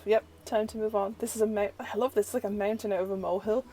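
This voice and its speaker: A woman's voice: medium pitch, fairly even intonation, fast talker, warm tone, soft background music, rough recording. A young woman tarot reader, chatting through a first look at an oracle deck and filling her talk with "like". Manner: chatty, uses "like" a lot; gushing, easily delighted.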